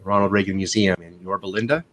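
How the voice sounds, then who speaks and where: A man with a lowish voice hosts a loose, unscripted live stream. He rambles through anecdotes with cursing and bursts of animation. He is heard through a desktop mic on a video call. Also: fast, slight background noise. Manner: rambling, profane, animated storytelling. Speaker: host of a live watch show. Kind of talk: casual live-stream chat. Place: home in California.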